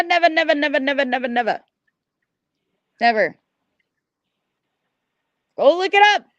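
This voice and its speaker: A woman's voice: fairly high pitch, dry recording, dull audio. A middle-aged woman hosting a livestream, ranting at her chat in an angry, profane, repetitive way. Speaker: livestream host.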